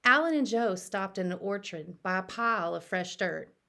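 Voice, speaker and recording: A woman's voice: medium pitch, expressive, normal speed, creaky, sharp tone. A woman reading a children's novel aloud for elementary school students, telling the story expressively.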